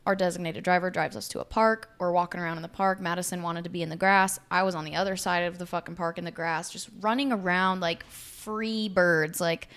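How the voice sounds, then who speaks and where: A woman's voice: lowish voice, a little fast, few pauses, smooth. A woman co-hosting a podcast, casually telling stories with swearing and acted-out quotes. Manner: animated storyteller, acts out quotes, swears freely. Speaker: podcast co-host. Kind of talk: casual chat.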